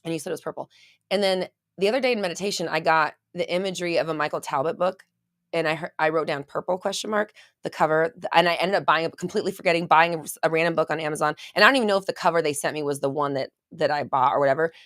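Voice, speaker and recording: Rambling low-voiced woman on a live stream. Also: fairly even intonation, fast, no room sound, clean studio sound. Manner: rambling, chatty, reads viewer comments aloud. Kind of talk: casual live stream chat.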